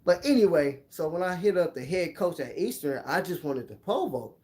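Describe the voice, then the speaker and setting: A man's voice: on the high side, animated, normal speed, a little mellow. A man casually telling a personal story on his channel, laid-back and full of slang. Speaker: vlogger.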